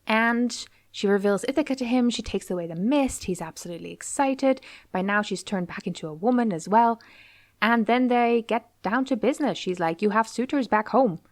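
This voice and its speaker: A woman hosting a podcast, retelling a classic story in a casual, lively way and slipping into playful voices for the characters. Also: on the high side, moderate pace, dry recording. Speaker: podcast host.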